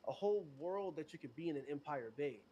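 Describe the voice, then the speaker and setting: A man talking as a podcast guest in casual chat, animated and slangy, laughing often. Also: a little high, quick pace, highs cut off.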